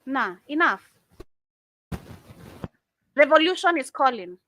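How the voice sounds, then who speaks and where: A woman's voice: high-pitched, sing-song, takes it slowly, sharp tone, slight background noise. A woman giving impassioned commentary, fiery and indignant, firing off rhetorical questions. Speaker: commentator reacting to videos.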